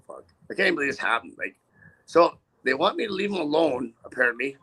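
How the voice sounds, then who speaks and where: A man's voice: a little high, very animated, moderate pace, pushed and bright, breathy edge. A man, a trucker, ranting casually with rambling, profane indignation. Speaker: trucker guest. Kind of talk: casual rant.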